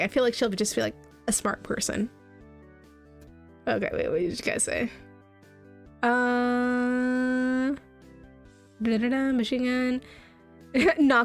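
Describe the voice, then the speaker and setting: Giggly woman streamer rambling over a game. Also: a little high. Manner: giggly, rambling, self-deprecating. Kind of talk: casual let's-play commentary.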